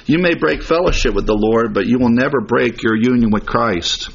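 A man delivers a sermon with a husky edge to his voice, pressing his points with emphasis and stacking up scripture references. The recording is dull and lo-fi, with the top end rolled off. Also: mid-range voice, fairly even intonation, a bit bright. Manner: emphatic, citing verse references rapidly. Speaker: pastor. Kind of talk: expository sermon. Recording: dull lo-fi sound.

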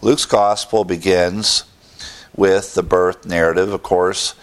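A man teaching scripture in a low voice. He speaks at a measured, deliberate pace and often pauses to restart a phrase. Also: steady tone. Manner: slow, deliberate, with frequent restarts and fillers. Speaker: Bible teacher. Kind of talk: Bible teaching.

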